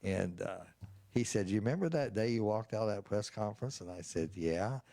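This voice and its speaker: A man's voice: lowish voice, lively intonation, fairly quick, dark tone, dry recording. An older man, a state representative, answering interview questions with folksy anecdotes full of acted-out dialogue.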